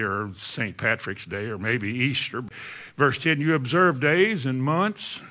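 A man preaches a sermon, talking with his congregation more than at them. His voice sits a bit high and rings bright and forward. He keeps tossing questions out to the room as he goes.

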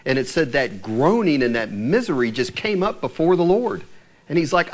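A man's voice: fairly high pitch, sing-song, normal speed. A man preaching in a conversational Bible-teaching style, explaining verse by verse, asking his listeners questions and chuckling now and then.

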